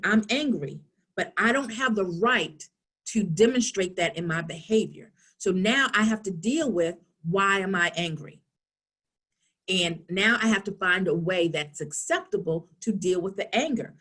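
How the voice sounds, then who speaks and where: A middle-aged woman giving a lively conversational talk at a town hall, asking rhetorical questions and acting out past conversations. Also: fairly high pitch, a little slow, husky. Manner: animated, asks rhetorical questions, acts out dialogues. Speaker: town hall speaker on youth.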